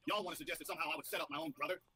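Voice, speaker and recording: A man's voice: on the high side, pushed and bright, breathy edge, rough recording. A man defending himself in a heated interview, ranting angrily and swearing constantly. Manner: angry, profane, rapid-fire ranting.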